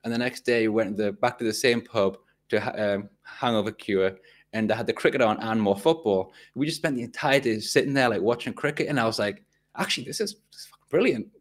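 A low-voiced man with a North East English coastal accent talks in a loose, chatty way, swearing now and then and circling back on his sentences. He sounds like a podcast co-host in relaxed conversation. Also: a little fast. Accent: North East English, Tyneside coast. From North East England. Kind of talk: casual chat.

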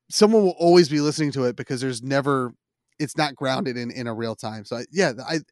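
Recorded dry and at studio quality, a podcast host from around Philadelphia speaks with the local accent in a voice that sits a little high. He chats casually, rambling, poking fun at himself, and frequently starting sentences over.

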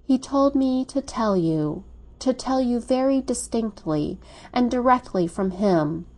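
A woman's voice: on the high side, lively intonation, a little slow, darkish tone, pitched above the performer's own voice. A woman voicing a shy, dutiful young heiress who speaks simply and earnestly.

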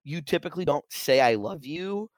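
A man's voice: on the high side, expressive, normal speed, dry recording. A man in casual conversation, animatedly retelling movie scenes and acting out bits of the dialogue. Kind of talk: casual film discussion.

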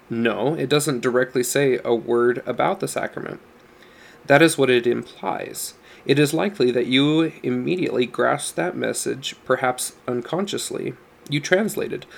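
A man reads a religious study book aloud in a calm, teaching tone. His voice has a gravelly, fry-tinged texture at a middle pitch, and he stresses single words to make a point. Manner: measured, explanatory reading with stressed words. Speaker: audiobook narrator.

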